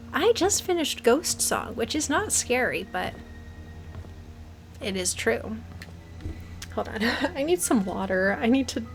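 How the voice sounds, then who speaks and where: A young woman giving nervous commentary while playing a horror game, often dropping to a whisper. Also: medium pitch. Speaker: let's play gamer.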